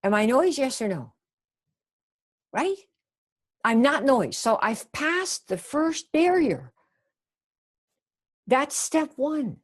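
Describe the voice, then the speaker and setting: Her voice on the high side with a breathy edge, a woman coaches sales in a live webinar. Chatty and encouraging, she responds to the chat as she goes and plays out example phone lines.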